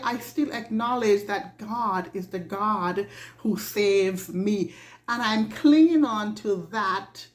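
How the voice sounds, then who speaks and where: Slow, earnest woman speaking devotionally. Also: fairly high pitch. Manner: earnest, halting, repeats words. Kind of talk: slow reflective devotional talk.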